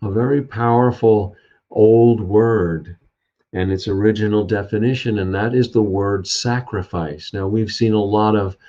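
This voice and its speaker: A low-voiced man tells an ancient tale, then muses on what it means, pausing often with fillers. He sounds like he is on a video call, with a dull, lo-fi tone. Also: fairly even intonation, dark tone. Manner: unhurried, hesitant with fillers. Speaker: storyteller and speaker. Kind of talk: reflective spiritual talk.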